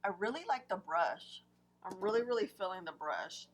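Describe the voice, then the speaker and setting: A young woman vlogger with a fairly deep voice that still carries some morning heaviness. She talks chattily and excitedly straight to her viewers while she reviews makeup. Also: moderate pace, poor audio. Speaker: beauty vlogger.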